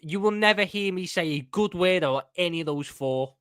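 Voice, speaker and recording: A man's voice: high voice, brisk, fairly bright tone, clean tone, no room sound, clean studio sound. A young man with a Scouse accent co-hosting a football chat, defending his views with stammering restarts. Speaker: co-host.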